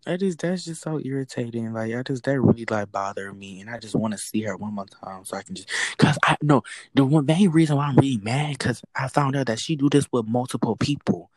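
A woman who works a fast-food drive-thru window, telling a work story in casual chat, acting out the quoted exchanges and swearing freely. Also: a bass voice, expressive, a little mellow, dry recording, low-quality recording.

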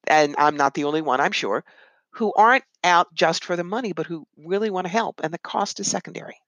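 A woman psychic medium and author, a guest in an interview, telling animated stories and putting on voices when she quotes people. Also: on the low side, brisk, no echo, rough recording. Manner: animated, puts on voices when quoting others. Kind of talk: conversational interview storytelling.

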